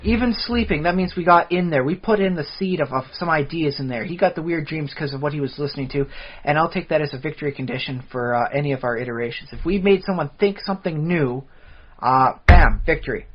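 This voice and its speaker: Man, podcast co-host, rambling, fast, slightly high voice, dull lo-fi audio. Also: slightly rough. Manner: rambling, many fillers and restarts. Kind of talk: casual chat.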